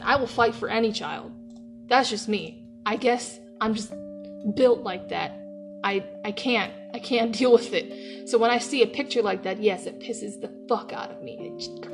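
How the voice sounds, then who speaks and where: A woman hosting an opinionated podcast rant from her workplace, heated and profane, swinging between yelling and laughing. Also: a little high. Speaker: podcast host.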